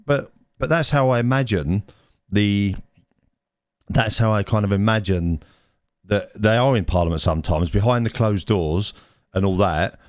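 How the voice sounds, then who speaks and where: Rambling bloke, low voice. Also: male voice, normal speed, no echo, clean studio sound. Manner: rambling, repeats words, laughs at own stories. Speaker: podcast co-host. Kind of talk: casual banter. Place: indoors, recorded live.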